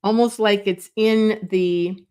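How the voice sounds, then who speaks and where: Slow, chatty woman teaching drawing. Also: mid-range voice, clear, resonant tone. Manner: thinks aloud while drawing, meandering and self-correcting; relaxed and chatty, with light laughs. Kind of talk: live drawing demonstration.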